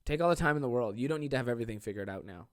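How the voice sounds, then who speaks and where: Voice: mid-range voice, lively intonation, rapid-fire, dry recording, studio quality. A young adult podcast host giving casual, sarcastic, profanity-laced advice to listener questions from a home desk.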